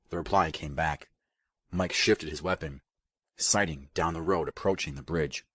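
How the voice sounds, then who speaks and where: A male audiobook narrator with an extremely low, husky voice. He reads steadily and evenly, and the recording is close and dry. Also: normal speed, fairly bright tone, no echo. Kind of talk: scripted narration.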